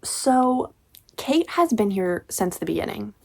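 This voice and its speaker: A young woman reviewing a novel in a casual vlog, sarcastic and exasperated, slipping into quiet whispered asides. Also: medium pitch, very animated, unhurried, creaky. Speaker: book reviewer.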